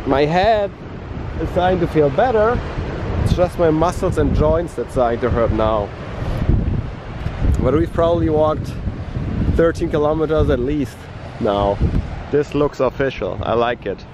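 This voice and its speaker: A man talking in a monotone, feeling unwell, narrating a casual travel vlog outdoors on a coastal trail. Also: fairly high pitch, a little slow, long pauses. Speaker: travel vlogger. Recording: outdoor noise behind the voice.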